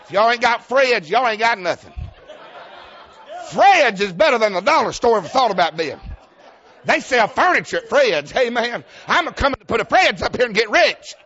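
A Georgia preacher, a man with a thick Southern accent, spins a folksy, self-mocking story from the pulpit, laughing through his lines. His voice sits high and husky and swings all over the place. The recording is dull and lo-fi. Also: very animated, moderate pace, a bit bright. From Georgia, USA. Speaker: visiting preacher. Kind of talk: humorous storytelling sermon.

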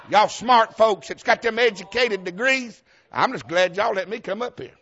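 A Georgia preacher, a man with a thick Southern accent, spins a folksy, self-mocking story from the pulpit, laughing through his lines. His voice sits high and husky and swings all over the place. The recording is dull and lo-fi. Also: normal speed, few pauses, fairly bright tone. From Georgia, USA. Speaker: visiting preacher. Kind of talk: humorous storytelling sermon.

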